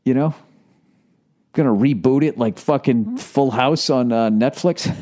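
A man's voice: mid-range voice, unhurried. Profane man ranting through a story. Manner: profane, self-deprecating, animated ranting. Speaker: comedian podcast host. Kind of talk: casual storytelling monologue.

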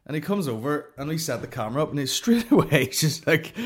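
A young man hosting a comedy podcast, telling a story in a profane, animated rant full of fillers. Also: a little high, fast, slightly rough.

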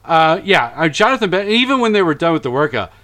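A man's voice: fairly high pitch, fast talker. A man hosting a casual podcast chat, recapping events animatedly and acting out quotes. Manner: animated, acts out quotes in voices. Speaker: podcast host.

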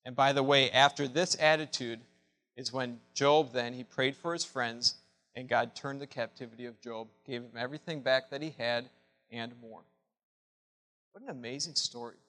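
A man preaching a sermon with passion, dropping to a hush and then rising to loud cries. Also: medium pitch, fairly even intonation, normal speed, big-room sound. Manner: impassioned preaching, swinging from hushed to loud. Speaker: pastor.

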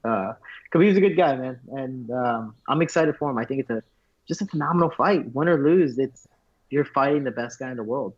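A man, a fighter guest, telling stories in a casual interview, animated and full of fillers. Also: mid-range voice, brisk, slightly rough. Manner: animated storyteller, many fillers like "like". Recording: dull lo-fi audio.

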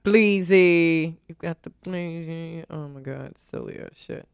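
Animated, foul-mouthed New woman. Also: deep voice, unhurried, vocal fry, clean tone, dry recording. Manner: animated, profane, acts out quotes. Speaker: radio show co-host. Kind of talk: casual chat and storytelling. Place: radio studio.

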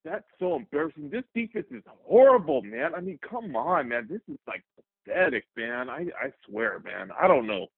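Gravelly man ranting over a phone line. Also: medium pitch, sing-song, normal speed, no room sound. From Fresno, California. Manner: angry, profane, agitated ranting. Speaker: caller. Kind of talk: call-in rant to a sports radio show.

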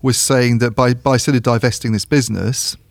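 A man's voice: mid-range voice, fairly even intonation, brisk, vocal fry, dry recording. A man co-hosting a casual podcast discussion about technology, talking things through with lots of restarts and repeated words. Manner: thinking aloud with frequent restarts and repeated words. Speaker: tech journalist co-host.

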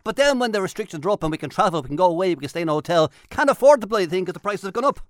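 A man's voice: high-pitched, lively intonation, racing, no echo, studio quality. An Irish man hosting a radio show, delivering an impassioned, emphatic monologue and hammering his points home by repeating them. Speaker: radio host. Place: radio studio. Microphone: studio microphone.

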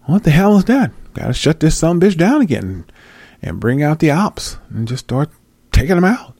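A man mimicking a scheming male government official who gripes with high, strained, profane complaints. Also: sing-song, normal speed, darkish tone, slightly rough, no echo, exaggerated voice.

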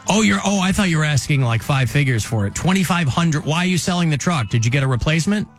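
A man's voice: on the high side, animated, fast talker, faint music behind. A man hosting a talk radio show, chatting casually with a wry, joking manner and rambling asides.

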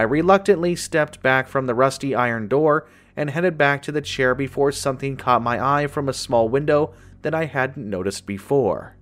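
A man telling a first-person horror story in a steady, measured way. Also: mid-range voice. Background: faint music.

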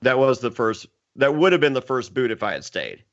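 A man's voice: mid-range voice, big pitch swings, a little fast, no echo. A man in his thirties telling a story in casual chat, stammering, self-mocking and swearing freely. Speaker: podcast host and former reality contestant. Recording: dull lo-fi dry sound.

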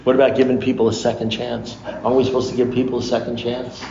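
A man speaking to a recovery meeting, telling a long story in an animated way, acting out the dialogue and swearing freely. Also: medium pitch, fast, vocal fry, noisy background. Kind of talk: storytelling talk to an audience. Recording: echoey room, dull lo-fi sound.

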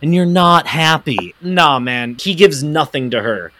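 Bright-voiced man ranting casually. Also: a little high, unhurried, slight background noise. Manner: animated, profane, ranting. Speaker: podcast co-host. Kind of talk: casual comedic chat.

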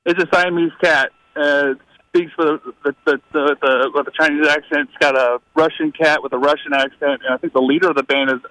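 Man, radio caller, bright tense voice, slightly high, stammering. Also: fairly even intonation, brisk, no room sound, poor audio. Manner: stumbling, repeats words. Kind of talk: phone-in comment.

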